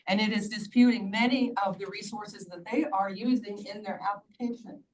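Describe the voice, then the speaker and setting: A woman's voice: medium pitch, fairly even intonation, moderate pace. Earnest woman pleading at a hearing. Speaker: public commenter. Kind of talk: public hearing testimony. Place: county meeting room. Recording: distant mic, faint background noise.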